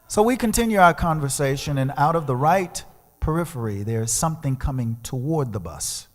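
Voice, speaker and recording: A male guest speaker and musician tells a story as a sermon in a large church sanctuary, dramatically acting out its voices. His voice is fairly high, expressive and fairly quick, and the church hall gives it a long reverb.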